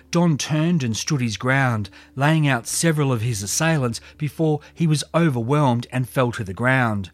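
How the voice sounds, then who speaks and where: A man's voice: fairly high pitch, no echo. A man narrating a true crime story from history in a dramatic, scripted storytelling style. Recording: faint music underneath.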